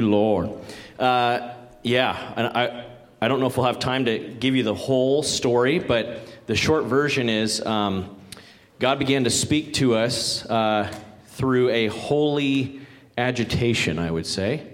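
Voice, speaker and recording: Male guest pastor, mid-pitched, chatty folksy sermon with light jokes. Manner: folksy, conversational, joking asides. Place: church sanctuary.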